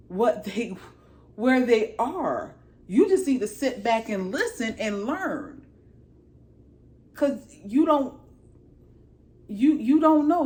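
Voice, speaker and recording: A woman playing a stern queen mother who scolds her son with sharp, rapid-fire questions. Her voice rides a little higher than usual.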